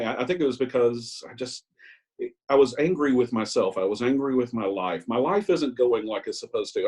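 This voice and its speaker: A man's voice: mid-range voice, lively intonation, moderate pace, a little mellow, slightly rough, low-quality recording. A man in his sixties giving a personal recovery share on a video call, telling his story candidly with self-mocking asides and hesitant ums. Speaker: Al-Anon speaker.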